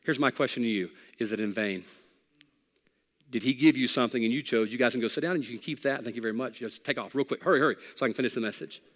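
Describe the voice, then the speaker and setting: A middle-aged male pastor preaching a sermon, conversational and emphatic, shifting from loud peaks to soft pleading. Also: medium pitch, quick pace, big-room sound. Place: church sanctuary.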